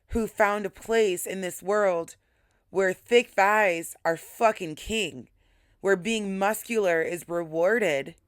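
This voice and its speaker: A woman's voice: mid-range voice, smooth, no room sound, clean studio sound. A young adult woman hosting a podcast, telling a story casually, swearing freely and hyping herself up emphatically. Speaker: podcast host.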